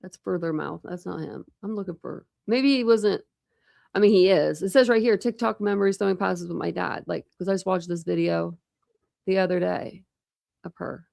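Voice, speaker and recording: Woman, casual chatty host, rambling, gravelly voice, dry sound. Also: lowish voice, normal speed, a little mellow, no echo. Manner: rambling, chatty, laughs often, coos at pets. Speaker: true crime channel host. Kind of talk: casual livestream chat.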